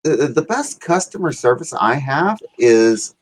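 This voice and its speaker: A man chatting casually as a stream guest, unhurried and stammering as he repeats his words, over an online voice chat. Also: medium pitch, very animated.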